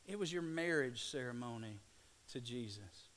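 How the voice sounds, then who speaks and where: A man from Louisiana, preaching a sermon and swinging between hushed, slow passages and loud, excited bursts. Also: mid-range voice. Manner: dynamic, swings from hushed to shouting. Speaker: pastor.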